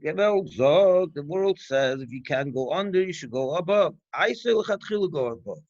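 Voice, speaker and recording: Man, rabbi, higher voice, rhetorical questions, dull dry recording. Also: normal speed, no room sound. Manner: conversational, animated teaching with rhetorical questions and restarts. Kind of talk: farbrengen talk.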